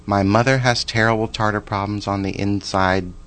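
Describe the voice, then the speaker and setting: A man's voice: fairly low pitch, fairly even intonation, moderate pace, a bit bright. A man in his forties telling a personal story in a chatty, rambling way, with restarts and side remarks. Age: 40s.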